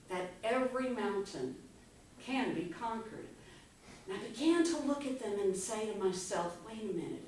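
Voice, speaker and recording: A woman in her fifties giving an inspirational speech, telling her story with dramatic pauses. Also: fairly high pitch. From Texas, USA. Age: 50s. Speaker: motivational speaker. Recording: echoey hall from far off, faint noise.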